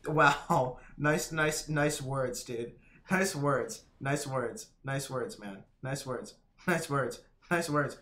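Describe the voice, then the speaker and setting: A man's voice: mid-range voice, takes it slowly, sharp tone, a little hiss or hum. A man streaming a hard game live, swearing and laughing, his voice cracking. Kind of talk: live gameplay commentary.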